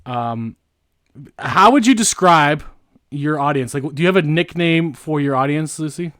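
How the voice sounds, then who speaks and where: A man's voice: a little high, animated, a little slow, fairly bright tone, no echo, clean studio sound. A Canadian man hosting a podcast in casual chat, laughing often and restarting his sentences. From Greater Toronto Area, Canada. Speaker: podcast host.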